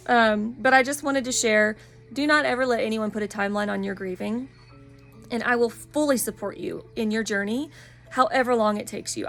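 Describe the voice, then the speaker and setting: A woman in her thirties speaks in a casual vlog monologue, her slightly high voice edged with a gravelly fry. She sounds earnest, encouraging and openly personal, like a wellness practitioner reaching out to her followers. Faint music plays softly behind her.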